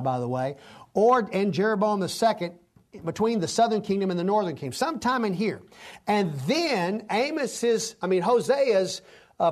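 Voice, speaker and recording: A man teaching a Bible study lecture in a conversational way, often restarting his sentences. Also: high-pitched.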